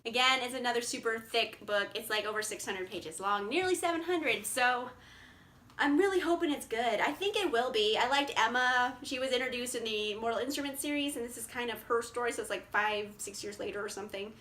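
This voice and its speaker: A woman's voice: a little high, fairly quick, fairly bright tone. A young woman chatting casually about her reading plans, bubbly, laughing often and saying like a lot. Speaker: book vlogger. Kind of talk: casual chat.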